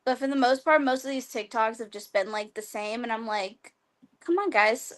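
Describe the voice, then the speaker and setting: A woman's voice: fairly high pitch, steady tone, brisk. A woman guest on a video-call talk show, chatting casually with a lot of "like" fillers and frequent laughter. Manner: chatty, lots of "like", laughs often. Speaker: guest wrestler. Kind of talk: casual interview chat.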